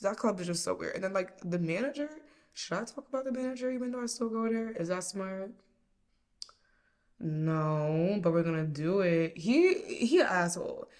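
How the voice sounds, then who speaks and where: A woman's voice: mid-range voice, lively intonation, moderate pace, a little mellow. A young woman hosting a podcast, telling a story in a casual, profane, exclamatory way. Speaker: podcast host.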